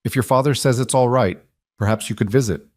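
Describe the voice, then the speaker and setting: A man voicing a young woman who speaks quietly and with restraint in an audiobook. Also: mid-range voice, fairly quick, dry recording, clean studio sound, pitched above the performer's own voice, natural voice. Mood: gentle. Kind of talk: audiobook character voice.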